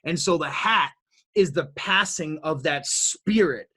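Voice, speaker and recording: A man being interviewed as an entrepreneur, telling his story in an animated, motivational way that builds to emphatic peaks, with frequent repeated words and restarts. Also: on the high side, unhurried, breathy edge. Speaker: guest entrepreneur.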